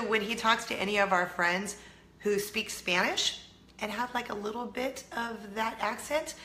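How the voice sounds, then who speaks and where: A woman's voice: mid-range voice, pushed and bright. Bubbly woman vlogger in an echoey room. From United States. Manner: bubbly, self-teasing, laughs often. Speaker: vlog host. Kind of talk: casual chatty vlog.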